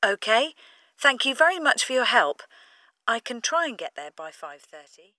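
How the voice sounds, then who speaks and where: Bright high-voiced woman asking questions. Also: very animated, moderate pace, no room sound. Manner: curious and inquisitive. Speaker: customer in a textbook dialogue. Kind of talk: scripted textbook dialogue.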